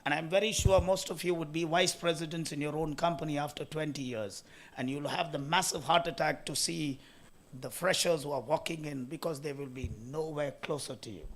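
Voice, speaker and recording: A hoarse man giving a speech at a summit in a college hall, emphatic and building in force as he tells stories. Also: a little high, moderate pace. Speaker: speaker at an HR summit. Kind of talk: conference speech.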